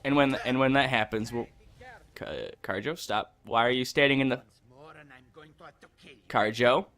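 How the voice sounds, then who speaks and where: Medium in pitch, expressive, a bit bright, and unhurried, the young gamer talks casually while he plays. The commentary wanders, breaking into profanity-laced rants.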